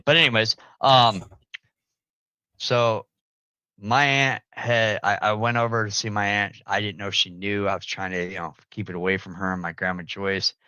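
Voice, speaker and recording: Animated, bright-voiced young man telling stories. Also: normal speed, clean tone, no room sound, rough recording. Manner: animated storyteller, jumps into loud high-pitched quoted voices, laughs often. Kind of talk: casual storytelling.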